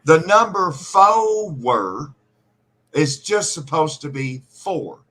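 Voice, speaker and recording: A man's voice: fairly high pitch, expressive, measured pace, fairly bright tone. A man hosting a casual podcast chat, playfully imitating regional pronunciations. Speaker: podcast host.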